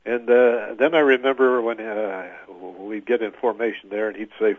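An older man, a veteran, recalling his service in an oral history interview, halting with many filler pauses. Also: medium pitch, steady tone, dry recording. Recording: tinny phone-like line, dry.

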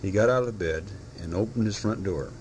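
A man reading a children's storybook aloud in a gentle, unhurried way. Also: fairly low pitch, a little hiss or hum, low-quality recording.

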